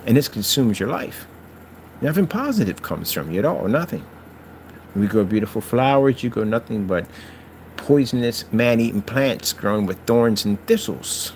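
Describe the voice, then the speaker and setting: A man's voice: moderate pace, slight background noise. A man hosting his own channel, talking straight to his critics in a mocking, preachy rant. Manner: taunting, preachy, lively swings in pitch. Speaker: channel host. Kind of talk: ranting vlog talk to critics.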